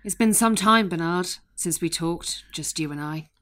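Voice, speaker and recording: A woman's voice: on the low side, normal speed, a bit bright, natural voice. A woman voicing a defiant android rancher's daughter, reading the lines plainly in her own voice. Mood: resolute. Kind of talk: reading a script aloud for fun.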